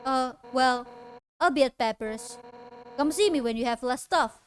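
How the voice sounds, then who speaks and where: A woman's voice: high-pitched, moderate pace, slight background noise, close to an everyday voice. A woman reading the lines of a brash, tough fish warrior woman aloud, blunt and boastful. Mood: upbeat.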